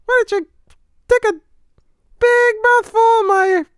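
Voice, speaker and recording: Shrill vulgar cartoon mouse, cackling, taunting, loud. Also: male voice, steady tone, measured pace, dry recording, studio quality. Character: crude squeaky male cartoon mouse.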